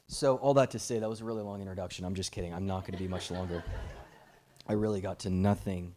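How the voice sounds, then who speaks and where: A man's voice: low-pitched, fast talker. A young adult man preaching a guest sermon at a church service, telling stories with light jokes. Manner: animated storytelling with jokes.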